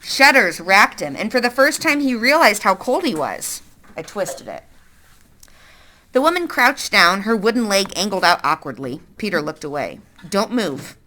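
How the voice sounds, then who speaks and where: A woman reading a children's novel aloud in an expressive way, now and then correcting herself. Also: medium pitch, moderate pace, few pauses. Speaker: reader.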